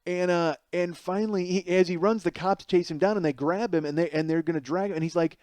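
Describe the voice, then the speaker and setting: A man's voice: high voice, fairly quick, no echo. A middle-aged man hosting a podcast, telling a comedic story with lots of swearing and acting out the people he quotes. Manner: profane, animated, acts out quoted people. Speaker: podcast host.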